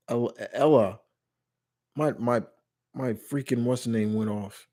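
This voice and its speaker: A man's voice: mid-range voice, slow, mellow. A man hosting a live stream Q&A in casual chat, rambling and often restarting or correcting himself mid-sentence. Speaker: live stream host answering viewer questions.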